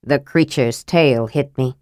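A woman's voice: very deep voice, slow pace, darkish tone, no room sound, studio quality, pitched below the performer's own voice. A woman voicing a stern, proud male knight from a storybook, speaking in a clipped, grim way.

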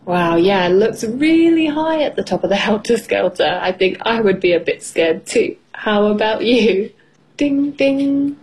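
A woman teacher on an educational radio show, reading a children's story aloud and asking learners simple questions in a slow, clear, encouraging way. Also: medium pitch, lively intonation, a little mellow. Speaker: English teacher. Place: radio studio.

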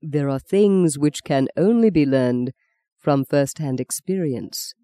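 A reader voicing Arthur, a suave man who speaks slowly and coaxingly, with a theatrical touch. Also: medium pitch, warm tone, natural voice.

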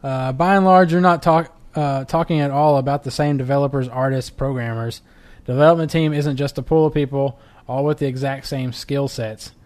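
A man's voice: medium pitch, steady tone, normal speed, darkish tone. A man co-hosting a casual gaming podcast, arguing points and reading forum posts aloud. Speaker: podcast co-host.

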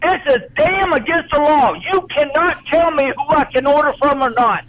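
A man's voice: very high-pitched, normal speed, a crowd in the background. A man arguing furiously on a phone call, swearing and repeating himself. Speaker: prank call target. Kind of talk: heated phone argument. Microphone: phone line.

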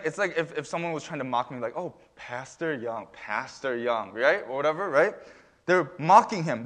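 A young man preaching a sermon as pastor, conversational with lots of fillers and emphatic rises. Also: fairly high pitch.

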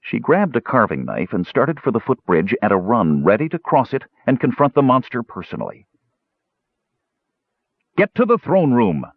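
A man reading a fantasy audiobook with expressive storytelling, in a slightly dull recording. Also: low voice, no echo. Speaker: audiobook narrator. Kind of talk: scripted audiobook narration.

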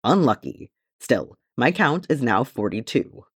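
A man voicing a fierce, cheerful male dwarf warrior who loves battle, speaking gruffly and boisterously. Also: mid-range voice, big pitch swings, measured pace, fairly bright tone, no room sound, clean studio sound, exaggerated voice. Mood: gleeful.

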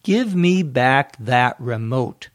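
A man playing an irritated man who wants to watch sports in peace, in a slow, clearly spoken dialogue for English learners. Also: medium pitch, expressive, dry recording, clean studio sound. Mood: annoyed. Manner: annoyed, curt, slow and clear.

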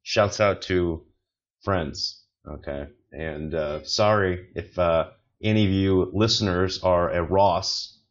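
Rambling, self-deprecating podcast guy, low voice. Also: slow, dull audio. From not from China, living in Beijing. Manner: rambling, self-deprecating, lots of fillers and restarts. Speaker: podcast host. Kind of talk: casual solo podcast monologue.

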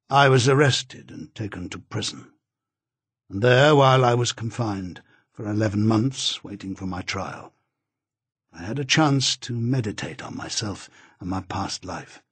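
A man narrating a novel as an audiobook in a measured, grave reading. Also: lowish voice, husky, dry recording.

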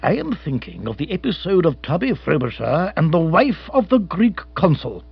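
A boisterous old colonial hunter, all exclamations and rambling anecdotes, as a man puts him on. The voice sits high and bounces about with a husky edge. It comes through a dull, lo-fi storybook recording. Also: huge pitch swings, normal speed, no room sound, full character voice. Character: blustering older male colonial big-game hunter.

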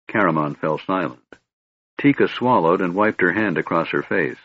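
A man narrating a fantasy audiobook in a steady, measured storytelling manner, with a husky voice. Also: sits low, lo-fi sound. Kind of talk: scripted narration.

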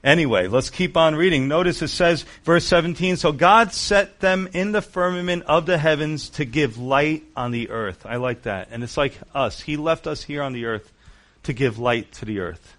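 An animated male pastor preaching verse by verse, his voice sitting a little higher than most men's. He talks with emphatic asides and quick repetitions, sometimes dropping low and soft, then lifting again. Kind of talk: sermon.

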